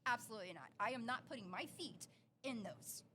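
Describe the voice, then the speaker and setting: A woman's voice: fairly high pitch, fairly quick, slight background noise. A young adult woman co-hosting a podcast, telling a story in casual chat and acting out the quotes. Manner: animated, acts out quotes. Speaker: podcast co-host.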